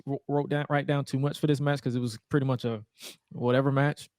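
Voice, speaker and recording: A man's voice: medium pitch, darkish tone, dry recording, clean studio sound. A man co-hosting a podcast, recapping old wrestling shows in a laid-back, joking, profane way. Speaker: podcast co-host. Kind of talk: casual wrestling recap chat.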